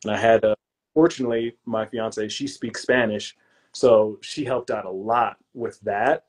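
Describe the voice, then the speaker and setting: A young man with a fairly low voice talks through his deals in a loose, slangy way and keeps calling the hosts "bro." He tells his stories with energy and acts out what he said at the time. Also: a little slow, breathy edge. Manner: lively storyteller who acts out his own past lines. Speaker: podcast guest, real estate investor. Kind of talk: casual interview chat.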